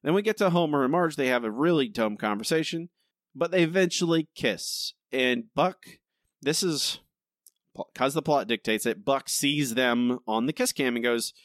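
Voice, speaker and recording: A man's voice: medium pitch, moderate pace, no room sound, clean studio sound. A young man co-hosting a podcast, ranting in a casual, exasperated way and repeating his points. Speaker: podcast co-host.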